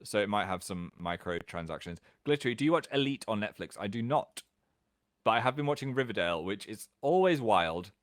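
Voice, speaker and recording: British man, thirties, livestream host, casual chat, lively swooping pitch, dry close sound. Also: dry recording. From England. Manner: chatty, animated, quick jumps in pitch.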